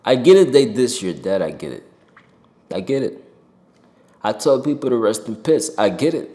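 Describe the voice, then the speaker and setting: Man ranting, swinging loud and high. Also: big pitch swings, normal speed, reverberant. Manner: heated ranting, jumps loud and high for emphasis, swears. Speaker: rapper and commentator. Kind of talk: opinion monologue to camera. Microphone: desk mic with pop filter.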